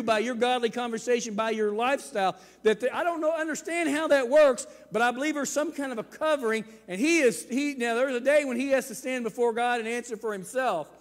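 A man in his sixties preaching a sermon, earnest and repeating words, swinging between loud emphasis and quiet asides. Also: extremely high pitch. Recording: reverberant church hall.

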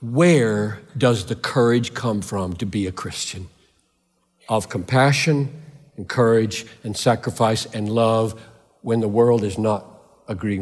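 A man's voice: fairly low pitch, a little mellow, breathy edge. An older man preaching a sermon in a large church, emphatic and repeating phrases for stress. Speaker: pastor. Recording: reverberant church hall.

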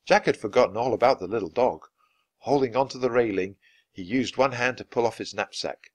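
A man reading a children's book aloud, with expressive, lively narration. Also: medium pitch, fairly quick, no echo. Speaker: storyteller.

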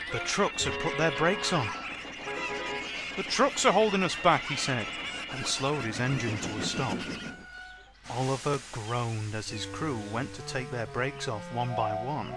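A man narrating a children's train story in a lively storytelling way, doing every character himself. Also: medium pitch. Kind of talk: storybook narration of a fan-made train tale. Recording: music playing under the voice.

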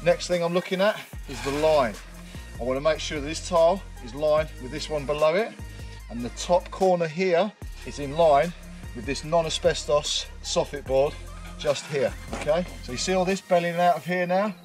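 A roofer chats casually as he works outdoors on a roof, explaining each step of the job in a fairly high, slightly mellow voice at a normal speed. It's a casual work vlog shot on an action camera, with soft music in the background.

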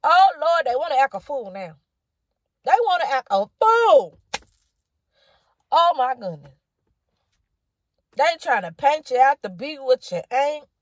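Preaching straight to camera, a woman minister gives a prophetic word full of fervent, rhythmic repetition, addressing the listener as honey and baby. She speaks in a high-pitched voice with big pitch swings, a little slowly and with frequent pauses, on a dry recording.

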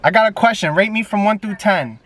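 Young new guy on a phone video chat, brash and cussing a lot, kinda high voice, sounds far from the mic. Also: fairly quick, crowd noise. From New York. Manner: brash, profane, teasing. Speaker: YouTuber. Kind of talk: casual video chat with strangers. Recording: distant phone mic, faint background noise.

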